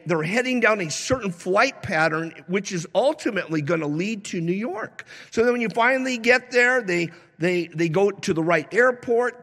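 Animated male pastor in a reverberant hall. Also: high voice. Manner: animated, conversational preaching with wide swings in pace and loudness. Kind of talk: sermon. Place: church sanctuary.

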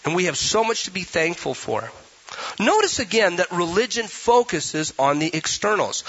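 A man's voice: sits high, sing-song, normal speed, fairly bright tone, husky, dull audio. A man preaching a sermon as pastor, emphatic and full of rhetorical questions.

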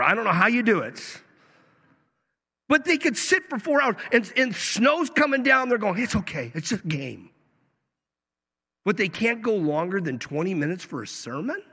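A man preaching a sermon as a pastor, animated, with joking asides and acted-out quotes. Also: high voice. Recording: long hall reverb.

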